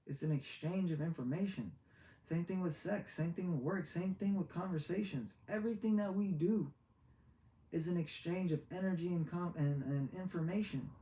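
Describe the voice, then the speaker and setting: A man giving a heartfelt, preachy motivational talk, halting and repeating himself as he goes. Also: fairly high pitch, warm tone. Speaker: motivational vlogger. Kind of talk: earnest motivational monologue. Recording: echoey room with faint background hiss.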